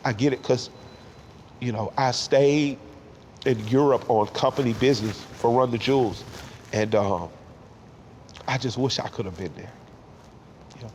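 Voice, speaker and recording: A man's voice: medium pitch, darkish tone. Reflective man in a roomy hall. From Atlanta, Georgia. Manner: reflective, emotional, halting restarts. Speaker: interview guest. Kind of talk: candid sit-down interview. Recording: roomy hall with faint background noise.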